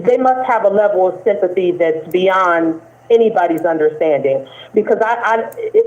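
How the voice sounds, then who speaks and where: Condescending woman on a tinny phone line. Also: mid-range voice. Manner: lecturing, condescending, hesitant restarts. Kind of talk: live-stream argument.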